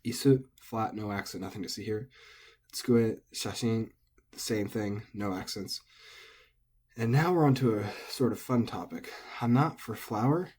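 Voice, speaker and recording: A man casually and methodically explaining Japanese pitch accent word by word as a language teacher. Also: moderate pace, a little mellow, slightly rough.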